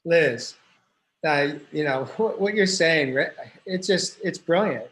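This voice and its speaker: A man hosting an interview podcast who speaks in a halting, careful way and paraphrases his guest. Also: fairly high pitch, animated, fairly bright tone, rough recording. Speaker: podcast host.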